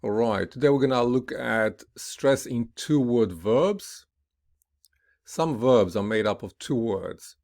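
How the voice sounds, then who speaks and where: A man teaching an English pronunciation lesson, explaining each rule slowly and deliberately, often checking in with "right?" and saying word pairs aloud with clear, emphatic stress. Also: mid-range voice, darkish tone.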